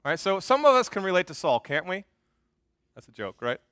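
A man's voice: sits high, big pitch swings, fairly quick, fairly bright tone, no room sound, studio quality. A male pastor preaching a sermon in a joking, conversational way, often quizzing the congregation.

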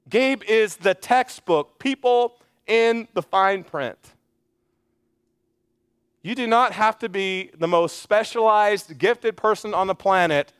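A male pastor preaching a sermon in an earnest, conversational way, with quick asides and repeated phrases. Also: high voice, a bit bright, clean tone, dry recording, studio quality. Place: church stage.

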